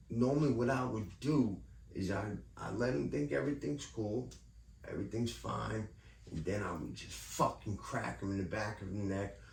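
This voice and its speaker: Speaking at medium pitch with a gravelly edge, a vlogger rants about his neighbor and his housing program, profane, heated, and wandering off on tangents. The mic sits far away in an echoey room with faint ambient sound.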